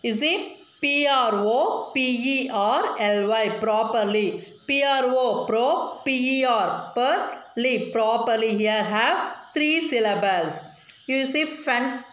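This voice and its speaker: A woman's voice: fairly high pitch, animated, takes it slowly, a bit bright, echoey room. A woman teacher giving a class lesson, patiently spelling words out letter by letter and often checking in with the children. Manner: frequent tag questions to children.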